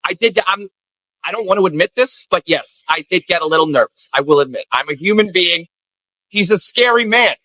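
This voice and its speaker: Animated high-pitched man telling a story. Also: a little fast, no room sound, rough recording. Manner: theatrical, acts out voices with big pitch jumps. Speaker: comedian and impersonator guest.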